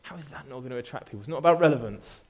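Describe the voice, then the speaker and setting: A man's voice: mid-range voice, lively intonation, rapid-fire. A man delivering a sermon to his congregation in an easygoing, conversational way. He restarts phrases, repeats words, and drops playful asides to people in the room. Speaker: pastor. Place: church.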